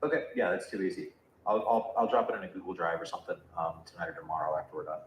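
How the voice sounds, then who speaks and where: A playful man with a fairly low voice, clowning around and joking while co-hosting a casual podcast. Faint noise sits in the background behind his relaxed chatter. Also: rapid-fire, echoey room, poor audio. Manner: playful, joking, goofy mic-test noises. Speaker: podcast co-host.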